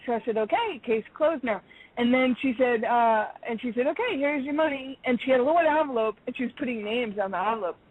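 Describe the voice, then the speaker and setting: A woman caller telling a story in a casual, animated way, acting out the dialogue and laughing often. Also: on the high side. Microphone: phone. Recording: tinny phone line.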